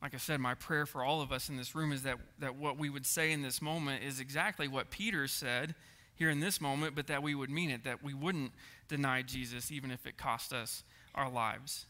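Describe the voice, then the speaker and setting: Earnest preacher with a bright voice. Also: male voice, mid-range voice, fairly even intonation, a little fast. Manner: earnest, repeats words and asks the room "right?". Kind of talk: sermon. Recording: echoey hall reverb.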